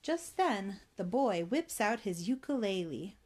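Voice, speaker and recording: A woman telling a children's story, expressive and adding spoken sound effects. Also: medium pitch, measured pace.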